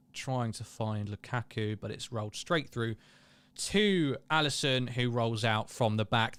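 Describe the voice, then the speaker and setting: A man's voice: mid-range voice, fairly bright tone, clear, resonant tone, no room sound. Chatty man streaming a match. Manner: chatty, self-deprecating, reads out viewer comments. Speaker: host of a live match watchalong. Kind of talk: casual live-stream chat and match commentary.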